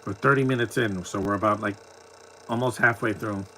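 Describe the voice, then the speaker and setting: A man's voice: on the low side, steady tone, fairly quick, sharp tone, a little hiss or hum. Offhand man giving blunt movie commentary. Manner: blunt, opinionated, offhand asides. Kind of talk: casual live movie commentary.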